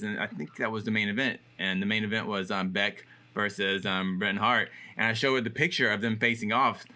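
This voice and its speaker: Guy rambling through a story on a podcast, bright voice, lots of likes and ums. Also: lowish voice, a little fast, few pauses. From Los Angeles. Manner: rambling, filler-heavy storytelling. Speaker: podcast co-host. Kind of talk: casual chat.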